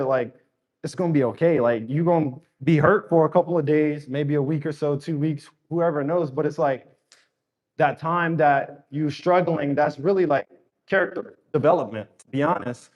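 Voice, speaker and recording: A young man telling a candid story to his audience in a loose, casual way, full of fillers and swearing. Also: fairly high pitch. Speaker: trader talking to his audience.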